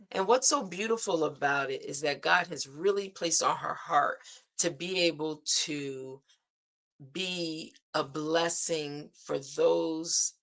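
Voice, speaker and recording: Over a streaming setup, a woman hosts a devotional livestream with a deep, slightly bright voice. Her inspirational talk is slow and earnest, full of spoken declarations and frequent "right?" asides.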